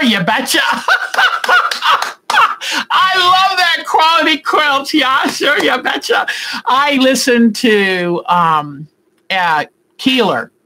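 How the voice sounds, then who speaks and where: A middle-aged woman hosts a quilting live stream from home, chatting warmly with viewers and answering their comments in a rambling, affectionate way. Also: on the low side, poor audio. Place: indoors at home at a computer.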